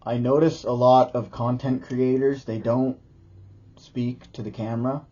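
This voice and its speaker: Husky-voiced man, loose rambling talk. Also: medium pitch, flat delivery, unhurried, dark tone, highs cut off. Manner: loose, rambling, restarts mid-sentence. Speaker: yoga teacher and video creator. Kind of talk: casual talk to camera.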